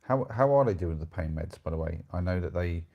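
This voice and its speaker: A man's voice: low voice, lively intonation, fast talker, muffled recording. A man in his thirties with an English accent, chatting casually with viewers as the host of a live stream, rambling and self-deprecating. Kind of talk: casual chat reading viewer comments.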